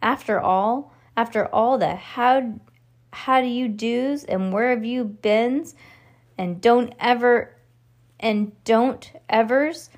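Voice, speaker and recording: A woman's voice: a little high, slow pace. A woman doing a friendly police officer. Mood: kindly.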